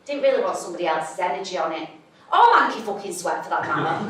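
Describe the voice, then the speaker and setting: A woman's voice: lowish voice, animated, a little fast, pauses often. A young woman with a Mancunian accent tells a comic stage story, blunt, sweary and self-mocking. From Manchester, England. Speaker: stand-up storyteller. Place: theatre stage. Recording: echoey theatre from a distance.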